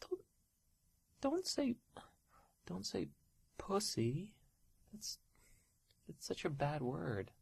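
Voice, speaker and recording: A woman's voice: fairly low pitch, big pitch swings, drawn-out words, gravelly, long pauses, a little mellow, husky. A young woman in a solo audio role-play, speaking in a hesitant, stammering, pleading way and often dropping to a whisper.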